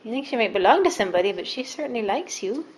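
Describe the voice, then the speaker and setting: Woman, mother, home video, handheld camera, sing-song coaxing, very animated pitch. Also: fast, slight background noise, poor audio. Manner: sing-song, coaxing talk to a child and a cat. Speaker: mother filming her child. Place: at home with a couch.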